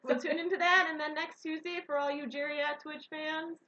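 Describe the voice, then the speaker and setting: A woman's voice: high-pitched, fairly quick. A woman co-hosting a casual stream chat, rambling through stories and laughing. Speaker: co-host. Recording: dull lo-fi audio with steady hiss.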